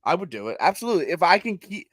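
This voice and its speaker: A man's voice: high voice, very animated, racing, a bit bright, no echo. A man with a Philadelphia accent co-hosting a sports podcast, blunt, sarcastic and profane in casual chat over a remote call. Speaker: podcast co-host.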